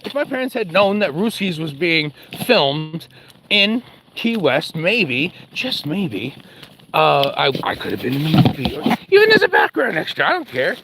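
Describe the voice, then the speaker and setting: A man's voice: a little high, big pitch swings, measured pace, noisy background. A man rambling jokily while live-streaming a walk outdoors with his dog, chatting to his viewers. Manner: jokey, rambling, talks to chat and his dog.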